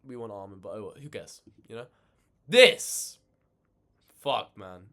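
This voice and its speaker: A man ranting in casual reaction commentary, animated and swearing a lot, exasperated. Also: on the low side, measured pace. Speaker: reaction channel host.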